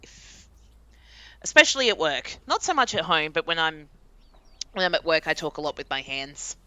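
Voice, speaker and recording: Animated, lively-voiced woman streamer. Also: deep voice, normal speed, dry recording. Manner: chatty and animated, laughing often. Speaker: game streamer. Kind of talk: casual live-stream chat.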